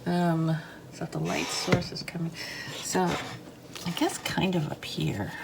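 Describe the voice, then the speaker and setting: A woman with a lowish voice talks casually as she draws and colors, rambling and unsure of herself, trailing off with fillers. A faint hiss sits under her voice. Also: steady tone, slow pace, vocal fry. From United States. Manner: rambling, self-deprecating, hesitant with fillers; talks while drawing and coloring. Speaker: art vlogger. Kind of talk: casual chat while drawing.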